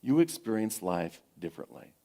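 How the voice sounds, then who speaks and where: A middle-aged man, a pastor giving a sermon at a spiritual center, speaking gently with encouraging repetition and frequent pauses. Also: on the low side, big pitch swings.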